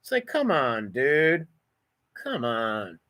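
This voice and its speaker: A man's voice: medium pitch, wildly swooping pitch, slow pace, pushed and bright. A man hosting a reaction commentary, blunt, profane and mocking. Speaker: commentary channel host.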